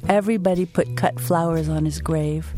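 A woman's voice: lowish voice, over music. A woman from the United States telling a vivid personal story and answering interview questions, acting out the quotes. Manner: slow, vivid, expressive delivery with acted-out quotes.

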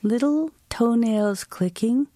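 A woman's voice: a little high, no echo, clean studio sound. A woman from the United States telling a vivid personal story and answering interview questions, acting out the quotes. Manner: slow, vivid, expressive delivery with acted-out quotes.

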